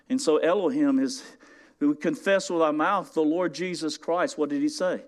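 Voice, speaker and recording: A man's voice: fairly high pitch, moderate pace. A man preaching a sermon in a church, talking conversationally and rising to emphatic call-outs to his congregation.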